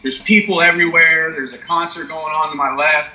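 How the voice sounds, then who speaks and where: A man's voice: on the high side, steady tone, a little fast, pushed and bright. A young man telling a personal recovery story in casual, profane chat, often asking "you know what I mean?". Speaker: podcast co-host. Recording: echoey, dull lo-fi sound.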